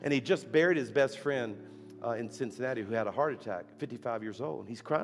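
A man's voice: mid-range voice, fast talker. A man preaching a storytelling sermon as a guest preacher in a church. He speaks animatedly, fires off rhetorical questions and laughs at his own stories. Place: church sanctuary. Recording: echoey hall with faint music.

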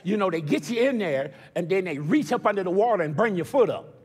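An older man preaching a sermon as pastor, telling stories with stammered restarts and building to shouted preaching. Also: high-pitched, lively intonation, a little fast, breathy edge. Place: church sanctuary. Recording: long church reverb.

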